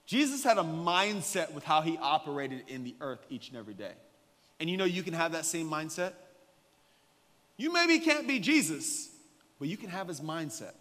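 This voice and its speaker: A man preaching a sermon as a guest pastor, an animated, joking storyteller. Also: fairly high pitch, normal speed, big-room sound. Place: church sanctuary.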